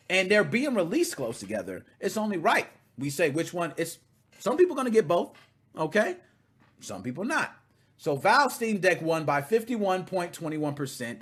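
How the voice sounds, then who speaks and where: A man hosting a casual gaming podcast, ranting animatedly and breaking into shouts when excited. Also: high-pitched. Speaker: podcast host.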